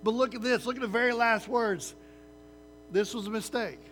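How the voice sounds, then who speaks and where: A man preaching a sermon in a lively, conversational way, often checking in with the listeners with "right?" and using sports comparisons. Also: extremely high pitch, normal speed, faint music behind. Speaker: pastor.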